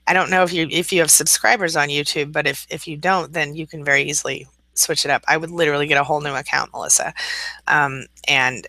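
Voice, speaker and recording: Bright-voiced woman in her 40s, a coach doing a rambly live chat, answering viewer comments, dry sound. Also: sits low, no echo, poor audio. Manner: chatty and rambling, reads viewer comments aloud and answers them. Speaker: coach and live-stream host. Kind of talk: casual live-stream chat.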